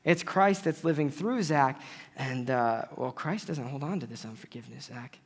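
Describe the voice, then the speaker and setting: A man preaching a sermon in an animated way, acting out conversations with God as he speaks. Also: mid-range voice, normal speed. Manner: animated, acts out dialogues with God.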